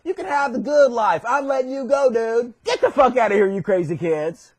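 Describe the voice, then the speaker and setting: A man's voice: very high-pitched, animated, moderate pace, no echo. A man voicing an ancient king who talks like a profane, impressed bro. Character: swaggering laid-back ancient king, male.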